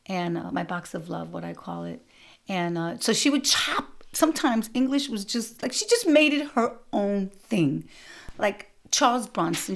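A middle-aged woman hosting a show, telling family stories in an animated, punchy way with sudden loud bursts. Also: medium pitch, creaky. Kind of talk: storytelling monologue.

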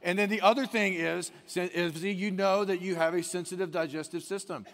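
A male pastor preaching in a church, his voice a touch high and gravelly, with a long echo trailing his words. He tells stories in a chatty, animated way. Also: normal speed. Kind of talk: sermon.

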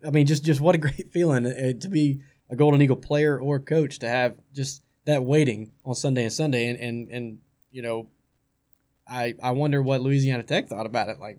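A man's voice: medium pitch, normal speed, dark tone. Chatty man breaking down college baseball. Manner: chatty, repeats words and restarts often. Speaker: guest baseball analyst. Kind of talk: casual sports talk.

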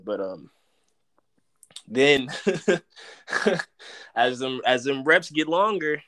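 A young man from Dallas talks casually as a podcast guest. He tells a story with energy and jumps into loud, animated quotes of what people said. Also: mid-range voice, very slow, long pauses. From Dallas, Texas. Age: young adult. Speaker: podcast guest, former college football player.

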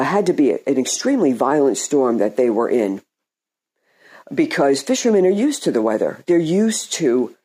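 A male preacher gives an informal sermon at an unhurried pace. His voice is mellow and warm, and he talks in a halting, conversational way. He often repeats words and starts phrases over. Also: a little high, husky.

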